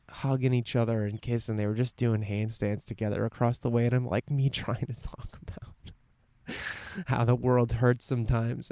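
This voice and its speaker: A man hosting a podcast, rambling earnestly to himself in a quiet outdoor meadow, with lots of "like" and frequent swearing. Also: medium pitch, creaky, dry recording. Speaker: podcast host. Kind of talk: casual reflective monologue.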